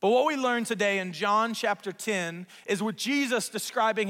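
A man preaching a sermon as pastor, telling a story in an animated, self-mocking way in a church sanctuary. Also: sits high, normal speed, hardly any pauses. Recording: long reverb of a large hall.

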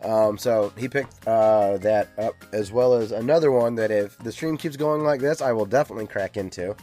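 A man's voice: lowish voice, normal speed, dark tone, faint music behind. A man hosting a video game podcast in casual chat, rambling with lots of ums and uhs. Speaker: podcast host.

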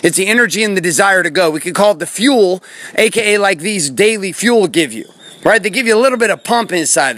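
A high-voiced man talks quickly in a punchy, preachy motivational monologue, swearing for emphasis. His tone is bright and forceful, and the sound is dry and close. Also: no room sound. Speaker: motivational podcast host. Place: outdoors in a forest. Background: birds and bees.

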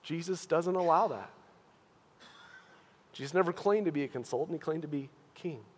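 A man preaching in an earnest, questioning way, his voice pitched high for a man. He drops to a hush, then pushes loud again, and long reverb trails behind each phrase as in a big church hall. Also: moderate pace, breathy edge. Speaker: pastor. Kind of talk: sermon.

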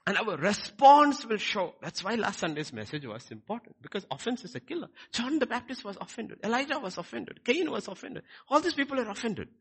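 A man preaching a sermon, swinging between quiet lines and loud, emphatic ones. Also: sits high, big pitch swings, fairly quick, few pauses, husky. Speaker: pastor.

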